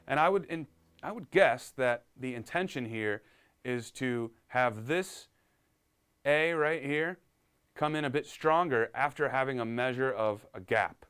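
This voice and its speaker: A man's voice: mid-range voice, moderate pace, fairly bright tone, smooth. Upbeat man teaching piano live. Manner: upbeat, reads viewer comments aloud. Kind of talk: live-streamed piano lesson.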